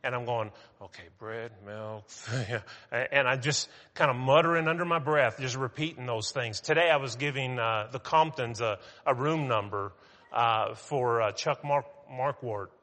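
A man preaching a sermon with a bright, forceful voice. He talks the way you would in conversation, with restarts, and slows right down to stress a point. The voice carries a long reverb from the church hall around him. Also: medium pitch. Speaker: pastor.

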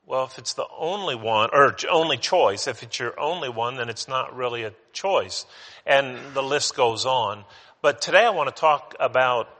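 A man's voice: medium pitch, bright, forceful tone. A male preacher giving a conversational sermon. He restarts his sentences often and leans on fillers. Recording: long hall reverb.

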